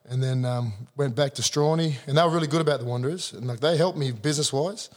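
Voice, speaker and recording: An Australian guest in his thirties spins an animated, blunt and sweary yarn in casual conversation. His voice is medium-pitched and quick, with a long reverb tail.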